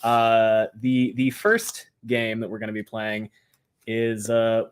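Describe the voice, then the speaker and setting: A man's voice: fairly low pitch, slow, clean tone. A man co-hosting a podcast livestream, explaining game rules casually with many fillers and restarts. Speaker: podcast co-host.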